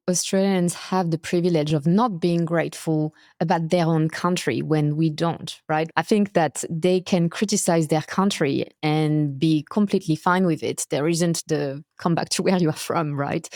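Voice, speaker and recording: A woman podcast host speaks in a slightly low voice. She puts her points in a thoughtful, measured way. The sound is dry and close. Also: a little mellow, no echo. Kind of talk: casual conversation.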